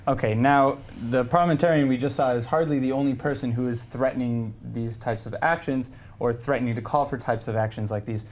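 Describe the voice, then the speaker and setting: A man's voice: medium pitch, fairly even intonation, a little fast, few pauses. A man moderates a live news panel, steering the talk and announcing what comes next. He hesitates often, restarting his sentences as he goes. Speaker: news host.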